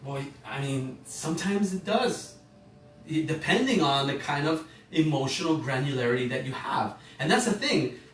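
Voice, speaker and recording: A man's voice: on the high side, animated, moderate pace, fairly bright tone, a little hiss or hum. Rambling male course teacher in an echoey room. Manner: rambling, self-correcting, asks listeners questions. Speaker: emotional intelligence course teacher. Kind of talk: informal online class talk. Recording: echoey room, a bit far from the mic, faint music.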